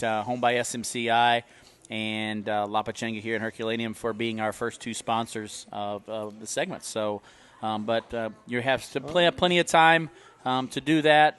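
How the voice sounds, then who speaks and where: A man's voice: medium pitch, a bit bright, clean tone. A man co-hosting a local sports talk show, explaining sponsorships in a loose, rambling way with many fillers. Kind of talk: casual talk show chat.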